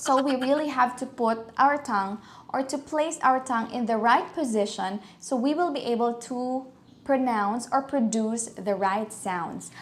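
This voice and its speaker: A young Filipino woman with a Filipino accent giving a casual pronunciation lesson, switching between Tagalog and English, playful and slowing down to show each word. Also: a little high. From Philippines. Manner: chatty, playful, laughs at own jokes, slows to demonstrate words. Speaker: pronunciation teacher.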